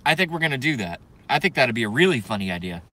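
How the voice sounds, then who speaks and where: On a live stream, a young man with a sharp, medium-pitched voice talks at a quick pace with big swings in pitch. He's profane and jokey, rambling through a casual rant while reading out and responding to chat.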